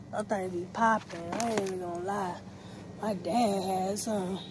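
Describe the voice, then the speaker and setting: A woman's voice: medium pitch, steady tone, moderate pace. A woman vlogging while shopping, talking to herself in slang and short of breath behind a face mask, recorded on a phone inside a store. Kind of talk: casual shopping vlog. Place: indoors in a discount store. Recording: noisy store background.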